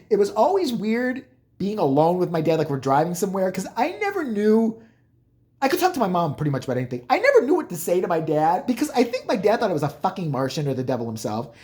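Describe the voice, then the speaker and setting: A man in his thirties telling stories in a loose, rambling way, sprinkling in curses and jokes. His voice sits fairly high and swings widely in pitch. It sounds like an unscripted casual monologue. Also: darkish tone. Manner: rambling, profane, jokey. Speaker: vlogger.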